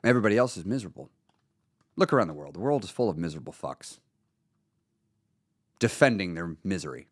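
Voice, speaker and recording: Male live-stream host, blunt and profane, lively pitch, dry mic. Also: fairly quick, long pauses, no room sound. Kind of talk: casual motivational talk.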